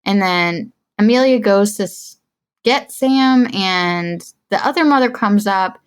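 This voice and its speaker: A woman's voice: mid-range voice, slow, clean tone. A woman co-hosting a podcast, casually recapping a film and acting out the characters' lines with lots of laughter. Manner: animated storyteller, acts out quoted lines; laughs often. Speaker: podcast co-host.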